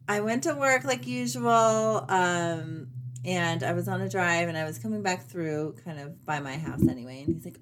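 A woman in her forties chatting casually to her viewers in a personal update, with lots of fillers and small laughs. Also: lowish voice. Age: 40s. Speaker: vlogger.

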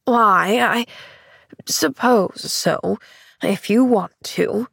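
A woman's voice: medium pitch, slow pace, vocal fry, slightly rough, dry recording, full character voice. A woman reading the part of a bitter, grudging bedridden woman in her forties, sour and dry.

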